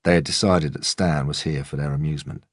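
Deep husky man, calm first-person audiobook narration, dry close studio sound. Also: no room sound. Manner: calm, measured storytelling.

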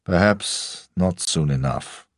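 A man voicing a menacing old Russian-born man with an accent caught between Russian and rural English, speaking gruffly and slowly. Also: low voice, no room sound, clean studio sound. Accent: Russian mixed with rural English.

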